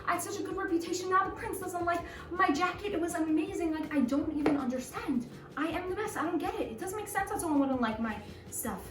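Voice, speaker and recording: Boastful storybook tailor, whiny and high-pitched, a woman doing the voice; echoey room, faint music. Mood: distressed. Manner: whiny and agitated, fast and high when upset. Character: boastful, anxious male tailor. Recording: roomy echo, distant mic, faint music.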